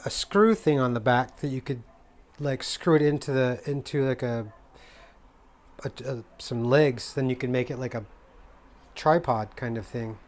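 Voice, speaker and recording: In a casual vlog chat, an American man who travel-vlogs speaks to camera at a measured pace with a medium-pitched voice. The talk rambles playfully, loaded with ums, fillers and false starts.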